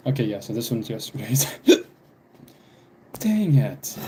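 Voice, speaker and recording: A young man live-streaming while doodling, talking casually in halting bits, sighing and apologizing because he has the hiccups. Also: medium pitch, very animated, noisy background. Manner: halting, apologetic, frequent sighs and small laughs.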